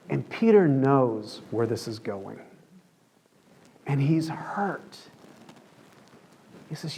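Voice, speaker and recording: A man's voice: high-pitched, big pitch swings, measured pace, mellow. A man preaching a conversational sermon in a church, telling the story in a chatty way and acting out the quoted lines.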